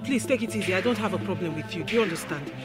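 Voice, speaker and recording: A woman's voice: fairly low pitch, expressive, racing, faint music behind, lightly acted. A woman playing a city fiancée who firmly demands explanations from her man. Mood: demanding. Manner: firm, questioning, politely formal.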